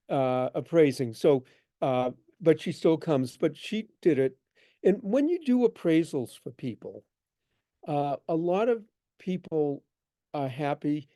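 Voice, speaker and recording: A bookshop owner, appearing as a guest speaker in an event hall, tells animated stories about his trade and acts out the dialogue of the people in them. His voice is fairly high and has no echo.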